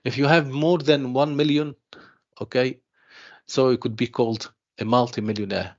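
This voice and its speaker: Male tutor, gravelly voice, patient repetitive teaching, lo-fi online audio. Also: medium pitch, steady tone, a little mellow. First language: Arabic. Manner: slow, repeats himself, calls students "dear students", mixes in Arabic explanations. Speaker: university English tutor. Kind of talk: online class lecture. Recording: dull lo-fi online class audio.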